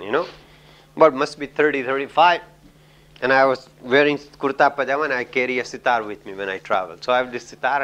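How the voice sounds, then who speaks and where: A man's voice: medium pitch, fairly bright tone, dull audio. A man with an Indian English accent giving a lecture, telling anecdotes in a chatty way, full of "you know" and little chuckles.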